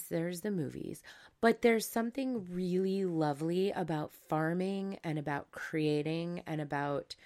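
Female podcast co-host, lower-pitched, chatty and reflective, feels her way to each word. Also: a little mellow. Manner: musing, searching for words. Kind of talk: casual wine chat.

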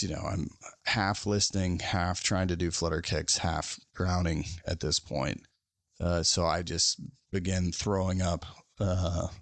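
Gravelly low-voiced man telling a story. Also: fairly bright tone, no room sound. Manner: rambling, filler-heavy, self-mocking. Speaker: podcast host. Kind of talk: casual storytelling.

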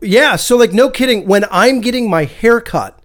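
A man's voice: very high voice, animated, moderate pace. A man in his forties co-hosting a podcast, chatting casually with hesitant restarts and self-mocking humor. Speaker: podcast co-host. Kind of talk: casual chat.

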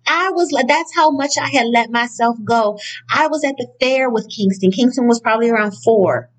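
A woman giving a casual motivational talk from notes, blunt and profane, with animated, emphatic outbursts. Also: a little high, normal speed, rough recording. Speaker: speaker on inner-child healing.

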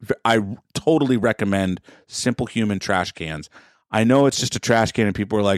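A man's voice: brisk, dry recording, studio quality. A man in his thirties co-hosting a podcast, telling a long rambling story in casual chat, his voice jumping up when he gets exasperated. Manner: animated, rambling, jumps up in pitch when exasperated. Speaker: podcast co-host.

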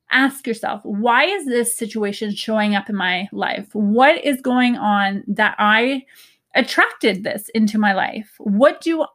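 A woman's voice: on the high side, fairly bright tone. A young woman talking to her viewers in a casual, earnest way about healing, often laughing and quoting herself. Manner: earnest, chatty, laughs often, quoted asides. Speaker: spiritual self-help vlogger. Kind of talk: casual personal talk to camera.

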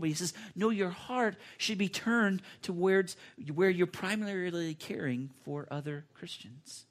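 Man preaching a sermon, slightly high voice. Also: normal speed, few pauses, a bit bright. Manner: earnest, conversational preaching with repetitions and restarts. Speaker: pastor.

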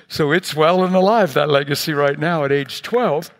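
An older man preaching a sermon, telling family stories in an animated, playful way and acting out relatives' lines. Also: on the high side, moderate pace, hardly any pauses. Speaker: pastor. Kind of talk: sermon storytelling.

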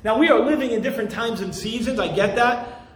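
An impassioned male pastor delivers a sermon in a very high voice. He stresses his points hard and at times rises to shouts. His voice rings in an echoey room. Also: a little fast. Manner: impassioned, emphatic, rising to shouts.

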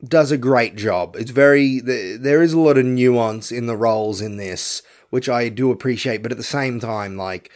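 A young adult to middle-aged man hosts a podcast, rambling bluntly through a profane, casual film review rant. His voice is medium-pitched and a little mellow. He speaks at normal speed with hardly any pauses.

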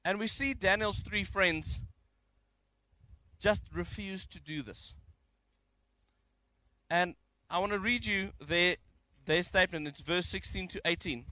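Guy preaching a chatty sermon, high bright voice, dry close sound. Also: slow pace, long pauses, dry recording. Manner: conversational, jokey and animated. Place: home, during isolation.

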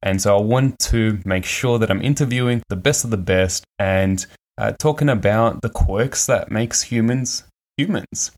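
A man's voice: fairly low pitch, unhurried. A man hosting his own podcast in a casual, candid monologue with frequent fillers. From Australia. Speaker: podcast host.

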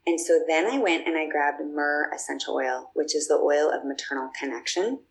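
A woman's voice: deep voice, normal speed, creaky, a little hiss or hum, low-quality recording. A woman guest telling personal stories in a casual, chatty way, with plenty of fillers and restarts. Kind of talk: casual storytelling.

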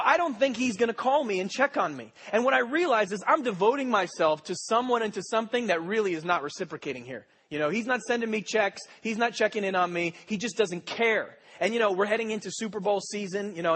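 A man's voice: high-pitched, fast, hardly any pauses, fairly bright tone. A young adult man preaching a sermon, telling joking stories in a rambling way full of fillers. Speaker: pastor.

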